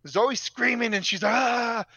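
A man's voice: extremely high pitch, slow pace, creaky, sharp tone, husky, no echo, muffled recording. A young man telling a story in a casual, profane, ranting way.

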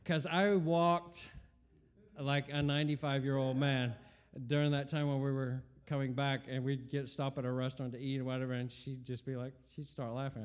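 Guy in his 40s sharing his testimony, earnest, lots of ums and restarts. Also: medium pitch. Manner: earnest, rambling storytelling with many fillers and restarts. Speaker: speaker giving a personal testimony. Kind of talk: personal testimony talk.

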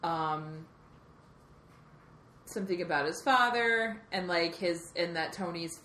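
A woman co-hosting a podcast, casually chatting about a movie, playful and quick to chime in and finish her partner's sentences. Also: on the low side, sharp tone, echoey room, slight background noise. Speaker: podcast co-host. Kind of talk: casual movie recap chat.

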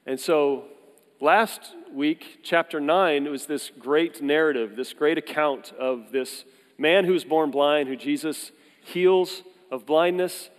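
A man in his forties preaching to a congregation, telling funny stories in a conversational, jokey way with quick asides. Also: fairly high pitch. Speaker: pastor. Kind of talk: sermon with personal stories. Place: church hall. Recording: long hall reverb.

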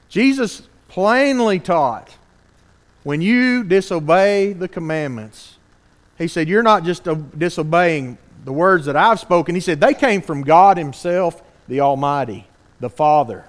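A man preaching a sermon, earnest and animated, asking the congregation rhetorical questions. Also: sits high, a little slow.

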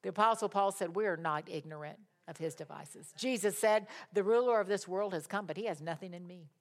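A woman preaching a sermon, rising to loud, impassioned declarations and dropping to soft, chatty asides. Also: on the low side, fairly quick.

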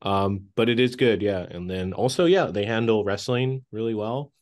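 Man, young adult, podcast co-host, casual rambling chat, low pitch. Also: normal speed, darkish tone. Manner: rambling, laughs often, many fillers.

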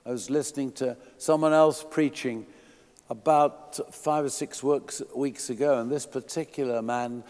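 A man preaching a sermon in a church, emphatic, swinging from quiet asides to loud declarations. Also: medium pitch, fairly even intonation, a little slow, long reverb tail.

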